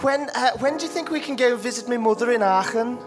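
A performer playing a fretful German wife in an improvised comedy audio drama, chatty and hesitant, over loud music. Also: medium pitch, fast talker, lightly acted.

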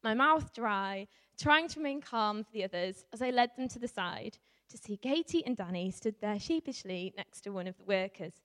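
A woman from Yorkshire without a strong accent, telling a story to a live audience as a youth worker, animated, with laughs and many ums. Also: mid-range voice, moderate pace, hardly any pauses. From Yorkshire, England. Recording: reverberant hall.

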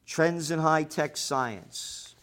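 A man hosting a commentary show, ranting sarcastically with lots of profanity, swinging between shouting and muttering. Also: fairly high pitch, very slow, slight background noise. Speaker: show host.

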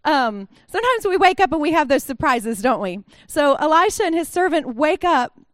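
High-voiced woman preaching casually. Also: sing-song, normal speed, a bit bright, no room sound, studio quality. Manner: chatty and conversational, with acted-out quotes. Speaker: pastor. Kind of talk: sermon.

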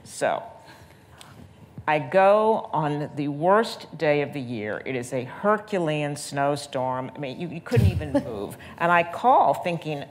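A woman's voice: deep voice, big pitch swings, slow pace. A woman writer in a panel conversation who tells an anecdote expressively, acts out the quotes, and laughs as she goes. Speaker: magazine writer.

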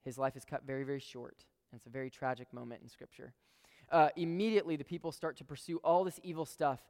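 A man's voice: medium pitch, steady tone, fast talker, darkish tone, in a large hall. A man preaching a sermon in a casual, emphatic way, talking straight to his listeners and repeating phrases for stress.

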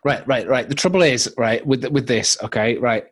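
Rambling podcast co-host. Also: male voice, mid-range voice, moderate pace, fairly bright tone. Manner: rambling, joking, with many restarts. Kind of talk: casual chat.

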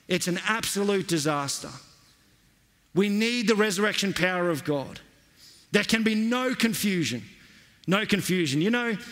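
A man's voice: on the high side, a bit bright, big-room sound. A male pastor preaching a sermon in an earnest, emphatic way, repeating his key phrases.

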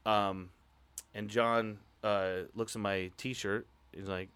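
Casual male storyteller from Iowa, animated, profane, pitch spikes when reliving the panic. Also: slow pace, smooth. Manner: animated, swears, voice jumps high when retelling his outburst. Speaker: improv show performer telling a story.

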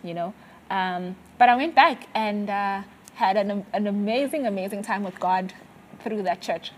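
A woman from South Africa sharing a personal faith testimony in conversation, earnest and halting with many fillers and restarts. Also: mid-range voice, breathy edge.

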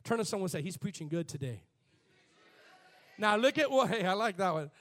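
A pastor preaching a lively sermon to his congregation, leading chants and call-and-response and rising to shouts. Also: sits high, fairly quick. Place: church before a live congregation.

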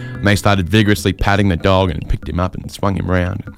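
Lower-voiced man, casual storyteller, wry asides, faint music behind. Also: steady tone, creaky. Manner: chatty and wry, with frequent fillers and quick asides.

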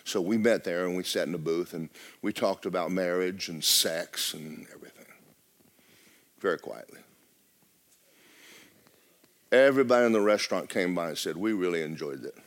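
A middle-aged male pastor, preaching loudly and with life, often dropping to a hush. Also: deep voice, fairly quick. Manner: loud, lively preaching with sudden drops to a hush. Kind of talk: sermon. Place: church.

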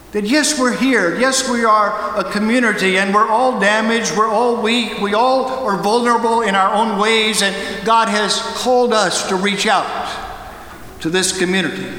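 A man delivers a sermon from the pulpit, his high, bright voice ringing through a large church sanctuary. The sound carries a long, roomy reverb from the hall. He tells stories with pointed pauses. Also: slight background noise. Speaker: guest pastor.

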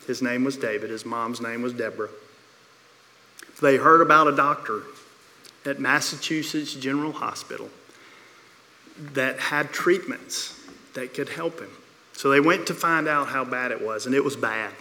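A man preaching a sermon, telling a story with repeated phrases and dramatic pauses. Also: mid-range voice, sharp tone, a little hiss or hum. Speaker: pastor. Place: church sanctuary. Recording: long reverb of a church hall.

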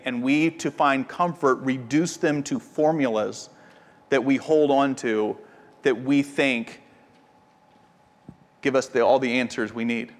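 A slightly high-voiced male pastor in his thirties, telling a story from the pulpit with animated, lively delivery. He acts out the people he quotes. His voice rings with the long reverb of a church hall. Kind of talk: sermon with personal story.

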